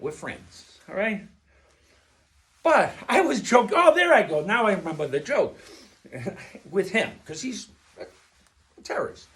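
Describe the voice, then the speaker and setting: Animated, rambling high-voiced man. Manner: digressive and profane, loses his thread; blunt and animated. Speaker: vlogger. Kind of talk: rambling casual monologue.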